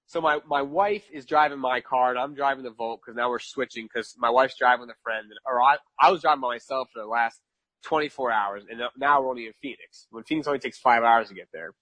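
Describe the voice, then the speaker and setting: Animated man telling a rambling story. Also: medium pitch, fast, no room sound. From New York. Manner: animated, repeats phrases for emphasis, laughs at his own story. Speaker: podcast guest. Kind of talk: casual storytelling.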